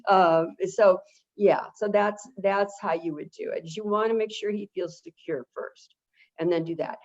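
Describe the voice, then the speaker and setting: A woman answering viewer questions as an expert guest on a webinar, chatty and animated, often acting out how to talk to birds. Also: medium pitch, moderate pace. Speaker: avian behavior consultant, guest expert. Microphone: video call. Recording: dull lo-fi webinar audio.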